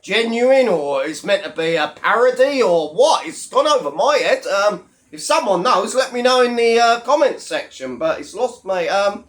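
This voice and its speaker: High-pitched man, blunt ranting commentary, heavy swearing, mocking. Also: lively intonation, moderate pace, hardly any pauses. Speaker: YouTube commentator.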